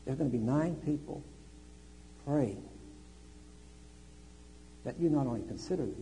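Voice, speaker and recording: A man preaching a sermon, telling a travel story with lively swings between quiet asides and loud exclamations. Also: medium pitch, moderate pace, long pauses, a little hiss or hum, poor audio. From United States.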